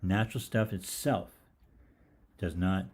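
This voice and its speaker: Low-voiced older man telling rambling stories. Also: fairly even intonation, slow pace, a little mellow. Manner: rambling, jokey anecdotes with casual swearing. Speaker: host of a live health Q&A. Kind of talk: casual live Q&A storytelling.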